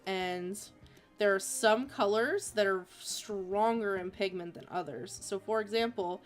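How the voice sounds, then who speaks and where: Woman rambling on about art on a stream, lots of likes and ums, quiet music under it. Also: mid-range voice, unhurried. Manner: chatty, rambling with many fillers. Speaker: streaming artist. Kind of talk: casual chat while drawing.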